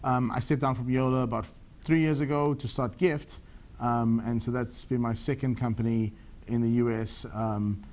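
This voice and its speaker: A man's voice: mid-range voice, fairly even intonation, moderate pace, a little mellow. A South African man in his thirties, a tech entrepreneur giving eager, rambling answers in a TV business interview.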